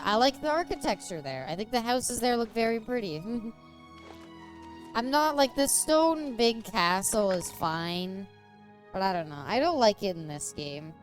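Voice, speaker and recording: A woman streaming a game, chatting casually in a giggly, rambling way and making crude jokes. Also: mid-range voice. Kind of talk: casual gameplay chat.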